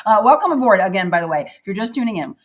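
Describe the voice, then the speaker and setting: A woman's voice: medium pitch, lively intonation, fast talker. A woman hosting a casual wine-tasting show, chatty and laughing often. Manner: chatty, laughs often, talks with food in her mouth. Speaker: show host. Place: new studio, sitting on the floor.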